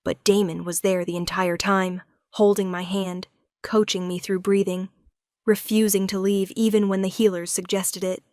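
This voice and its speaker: A woman narrating a first-person romance story in a steady, measured storytelling manner. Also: mid-range voice, no room sound, studio quality.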